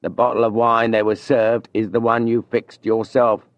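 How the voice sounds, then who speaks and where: A man's voice: medium pitch, little pitch movement, moderate pace, dry recording, highs cut off, close to an everyday voice. A man voicing a crooked, conniving male postmaster, speaking in a reassuring, conspiratorial way.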